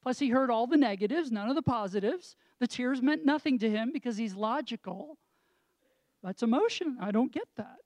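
A man's voice: very high-pitched, expressive, normal speed, darkish tone, dry recording. A man co-hosting a casual talk about marriage as a counselor, explaining reflectively with examples and rhetorical questions. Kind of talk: casual chat with a pastoral tone.

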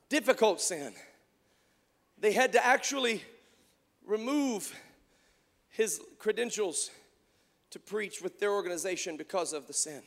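A man preaching a sermon, moving between quiet storytelling and shouted, impassioned calls. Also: high-pitched, vocal fry, in a large hall. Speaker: pastor. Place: church.

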